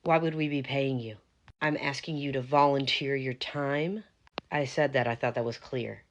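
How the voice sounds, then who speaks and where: A woman's voice: extremely low pitch, fairly even intonation, normal speed, lo-fi sound. A woman voicing a smug, entitled man who owns a wedding venue, pushy and patronizing in a falsely friendly way. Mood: condescending.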